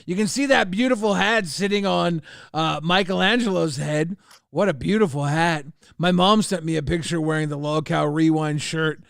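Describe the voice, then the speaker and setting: A man co-hosting a podcast, brashly plugging merch and mock-shouting crude catchphrases. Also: on the high side, normal speed, gravelly, clean tone, no room sound, clean studio sound. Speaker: podcast co-host. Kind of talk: loud merch plug, casual banter.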